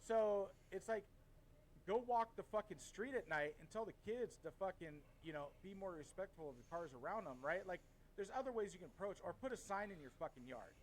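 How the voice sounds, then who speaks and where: A man's voice: high voice, a little fast, slight background noise, rough recording. Profane, fired-up storyteller man. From Washington State, US. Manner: profane, heated, animated storyteller. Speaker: podcast co-host. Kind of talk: casual storytelling chat.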